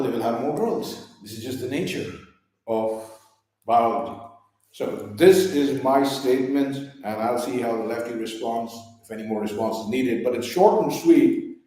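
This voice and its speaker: A man's voice: mid-range voice, warm tone. A man delivering a blunt, emphatic, mock-serious comic monologue. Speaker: comedic host. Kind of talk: comedic monologue. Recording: echoey room, distant mic.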